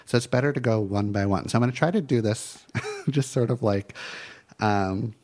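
A man's voice: medium pitch, very animated, moderate pace, a little mellow. A man in his forties co-hosting a podcast, chatting casually and walking through feelings one step at a time, with lots of "like.". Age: 40s. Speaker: podcast co-host. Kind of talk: casual chat.

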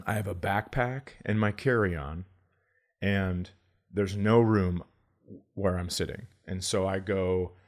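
A middle-aged man from Minnesota, a comedian telling a story in casual podcast chat, breaking into loud exclamations. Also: deep voice, slow pace. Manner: animated, jumps into loud exclamations.

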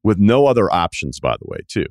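A man hosting a podcast in casual chat, relaxed and rambling, with restarts and side remarks. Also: on the low side, brisk, no room sound, studio quality. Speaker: podcast host.

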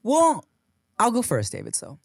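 A man co-hosting a podcast, joking crudely in relaxed casual chat. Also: high-pitched, measured pace, vocal fry, dry recording, clean studio sound. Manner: laid-back, crude joking. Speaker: podcast co-host.

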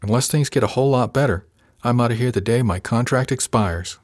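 A man's voice: mid-range voice, a little fast, a little mellow, no room sound, clean studio sound, close to an everyday voice. A man voicing a young female spacer apprentice who speaks bluntly and guardedly.

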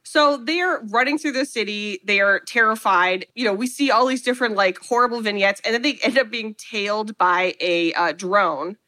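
A woman co-hosting a casual chat, recapping a film with animated storytelling and acted-out quotes. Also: medium pitch, moderate pace, few pauses. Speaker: podcast co-host recapping a film.

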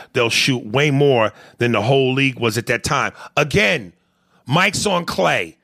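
A man hosting a casual podcast, blunt and profane as he reads listener mail and argues sports. His voice sits at an ordinary pitch for a man and is recorded close and dry, with no room sound. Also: creaky, a bit bright, dry recording. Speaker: podcast host.

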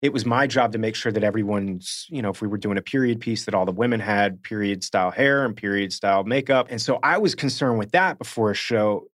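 Animated man with a Northeast US accent. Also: on the low side, brisk, hardly any pauses, no room sound, clean studio sound. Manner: animated storyteller, slips into quoted voices. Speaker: podcast co-host, actor. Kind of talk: casual chat.

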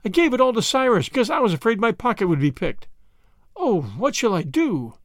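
A man's voice: high-pitched, sing-song, normal speed, no room sound, studio quality. A man doing a fretful chatty old grandma. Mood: panicked. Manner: tremulous, wailing, anxious.

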